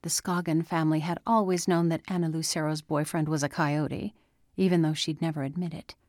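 A woman narrating an audiobook in a steady, even storytelling manner. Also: low-pitched, brisk, no echo, studio quality. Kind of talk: scripted narration.

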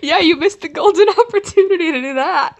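A woman's voice: very high voice, brisk. A woman with a Southern US accent in casual chat, trading dry, teasing comebacks.

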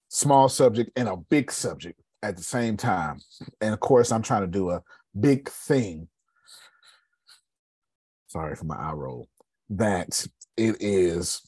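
A man's voice: lowish voice, a little mellow, breathy edge, no echo. A man hosting a podcast in casual live coaching talk, emphatic, repeating phrases and calling listeners by name. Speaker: podcast host.

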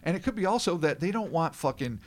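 A male podcast host reads from a case in a lively voice that climbs and dips, then cuts in with sardonic, profane asides. His voice sits a bit high for a man. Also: fast. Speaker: podcast co-host and story reader. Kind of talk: casual podcast chat mixed with reading.

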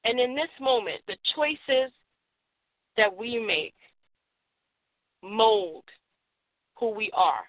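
A woman's voice: a little high, lively intonation, slow, long pauses, no echo. A woman hosting a motivational radio show, speaking emphatically and repeating affirmations for listeners to say along. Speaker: radio host. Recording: phone-like narrow sound.

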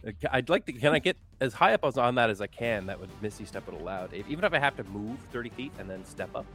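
Man, tabletop player, chatty, thinks aloud, bright tone. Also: medium pitch, lively intonation, fast talker, soft background music. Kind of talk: casual tabletop play.

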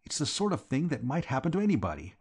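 A man voicing a frantic, rattled young gentleman in an audiobook reading. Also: mid-range voice, huge pitch swings, fast talker, slightly rough, pitched above the performer's own voice. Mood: frantic, rueful.

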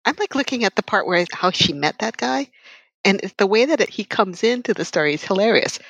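A woman in casual conversation about a book, laughing often and acting out scenes in lively voices. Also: mid-range voice, brisk, dry recording.

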